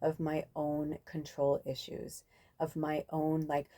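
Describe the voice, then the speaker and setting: A woman's voice: low voice, monotone, slow pace, warm tone. A woman hosting a spiritual podcast, talking in a casual, rambling monologue full of fillers and the odd swear word.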